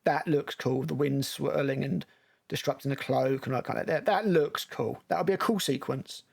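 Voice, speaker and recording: A man's voice: mid-range voice, normal speed, vocal fry, darkish tone. A male film critic giving blunt, sarcastic, profane commentary while reacting to a movie trailer.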